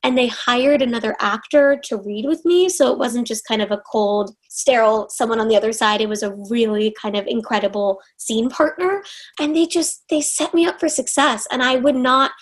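A young woman from Los Angeles, in her twenties, recounts her career in a chatty, earnest interview. Her voice sits a little high, and she gushes, often stopping to restart a thought. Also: moderate pace, rough recording. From Los Angeles, USA. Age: 20s. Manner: earnest, effusive, with frequent restarts. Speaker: actress, interview guest. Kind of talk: conversational interview storytelling.

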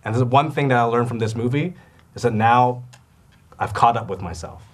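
A young adult man from Canada, an actor telling animated stories about his work and acting out the people in them. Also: mid-range voice, moderate pace. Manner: lively storyteller who acts out quoted voices and laughs often. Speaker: actor guest.

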